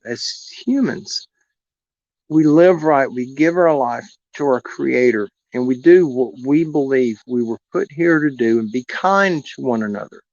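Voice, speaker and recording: Speaking to viewers of his live stream, a medium-pitched man who runs animal rescue content shares a heartfelt story in an earnest, rambling manner. The recording is dry and comes through as dull lo-fi stream audio.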